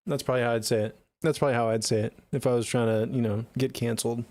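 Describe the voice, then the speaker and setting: A man's voice: mid-range voice, little pitch movement, racing, darkish tone, no room sound. A laid-back man rambles casually through live music feedback, swearing freely. His voice sits in a middle range. The sound is close and completely dry, from a small home studio closet. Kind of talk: casual live-stream chat.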